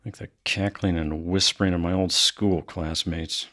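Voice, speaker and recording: An actor playing a brooding adult son who coldly recounts his killings in a flat tone, flaring into anger. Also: sits low, moderate pace. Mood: guarded. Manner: flat, cold storytelling with bursts of anger. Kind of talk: audio drama acting.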